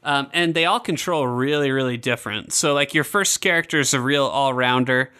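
A man hosting a podcast in a loose, casual chat, with plenty of ums and restarts. His voice has a bright, forward tone at a middle pitch. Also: brisk, clear, resonant tone. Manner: relaxed, filler-heavy, self-correcting. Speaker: podcast host. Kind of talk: casual game review chat.

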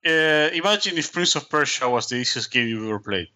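Lively bright-voiced man, stammering chat. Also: on the high side, brisk. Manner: stammering restarts, easygoing. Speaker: podcast co-host. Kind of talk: casual chat.

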